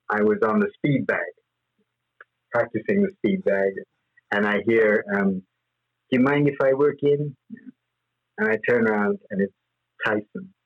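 Husky man telling rambling anecdotes. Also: lowish voice, muffled recording. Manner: rambling, laughs often, many fillers. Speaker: guest. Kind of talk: anecdotal interview storytelling.

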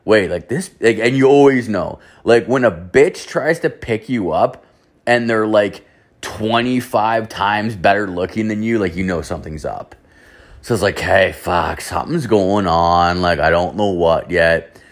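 A man's voice: fairly low pitch, a little slow. A young man telling a crude personal anecdote in a casual, rambling way, stuffed with filler words and cursing. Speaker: storyteller.

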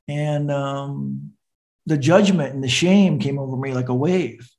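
Gravelly man telling a recovery story. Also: mid-range voice, unhurried, darkish tone. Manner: earnest storytelling, acting out quoted voices. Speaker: recovery coach and podcast guest. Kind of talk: personal story in a podcast interview.

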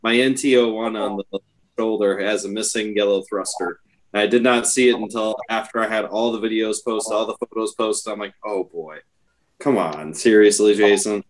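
A man's voice: lowish voice, flat delivery, fairly quick. Man telling a self-mocking story. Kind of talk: casual chat.

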